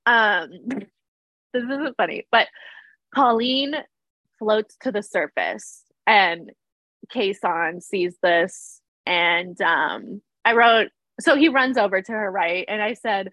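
A young woman chats through a TV recap in a loose, giggly way, filling her sentences with "like." Her voice sits at a middle pitch and sounds close and dry, with no room around it. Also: takes it slowly, a bit bright, no room sound. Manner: chatty, laughs often, fillers like "like". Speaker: podcast co-host recapping a TV episode. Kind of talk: casual chat.

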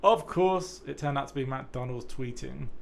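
A man's voice: mid-range voice, normal speed, vocal fry, slight background noise. A man with a sweary, rambling storytelling manner, chatting casually on a podcast.

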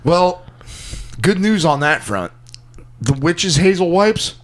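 A man co-hosting a podcast, bantering crudely with loud, profane outbursts. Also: sits high, very animated, takes it slowly. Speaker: podcast co-host.

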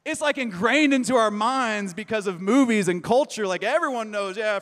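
A man's voice: high voice, animated, moderate pace, fairly bright tone, long reverb tail. A male pastor preaching a sermon in a casual, conversational way, telling self-deprecating stories full of fillers.

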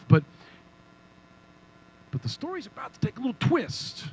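A man preaching a sermon in a casual, humorous, animated way. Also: a little high, moderate pace, pauses often, a little hiss or hum, poor audio. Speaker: pastor.

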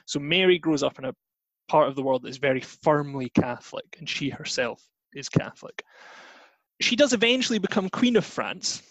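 A man's voice: a little high, no echo, rough recording. Scottish man explaining history, dry sound. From Scotland. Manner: chatty, many hedges and fillers. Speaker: guest teacher.

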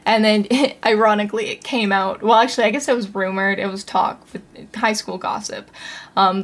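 A young adult woman hosting a casual solo podcast, chatty and sarcastic, with lots of "like". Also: medium pitch. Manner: chatty, sarcastic, heavy use of "like". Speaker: podcast host.

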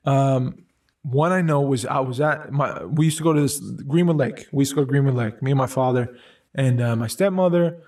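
A man's voice: mid-range voice, normal speed, darkish tone, recorded from a distance. A man in a casual conversation, telling personal stories in a rambling way with many fillers and restarts.

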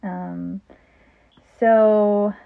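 A woman co-hosting a casual podcast with her sister, chatty and quick to laugh, with plenty of ums. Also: medium pitch, fairly even intonation, gravelly. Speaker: podcast co-host. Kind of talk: casual chat. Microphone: phone. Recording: phone-like narrow sound.

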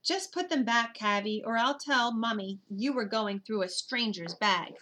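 Audiobook role: a woman playing a commanding big brother, irritable and bright-voiced. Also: a little high, unhurried. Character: boy, bossy older brother. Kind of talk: audiobook character voice.

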